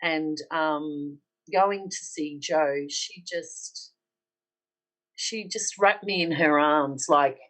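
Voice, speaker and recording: Speaking very slowly in a deep, fairly bright voice, this middle-aged Australian guest tells her own story on a podcast with real earnestness. She acts out the lines she quotes, though the audio is poor.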